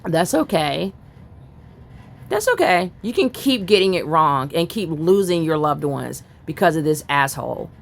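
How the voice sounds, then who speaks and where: A woman's voice: deep voice, normal speed, gravelly, hardly any pauses. A woman angrily reading news aloud and ranting about it in a profane political vlog commentary. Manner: furious, profane, reads news aloud then rants.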